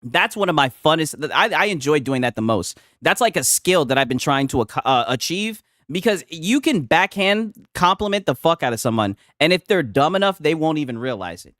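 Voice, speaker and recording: A man streaming a casual reaction chat, loud and joking, swearing and laughing a lot. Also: on the high side, big pitch swings, moderate pace, hardly any pauses, no room sound, studio quality.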